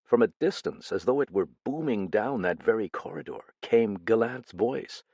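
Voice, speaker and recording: A man narrating a mystery audiobook in a steady, measured reading. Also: lowish voice, dry recording. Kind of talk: scripted narration.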